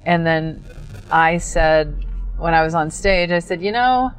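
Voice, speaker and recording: A middle-aged woman telling stories in a dry, understated way, pausing often on ums in casual chat. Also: lowish voice, clean tone, no echo, poor audio. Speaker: guest.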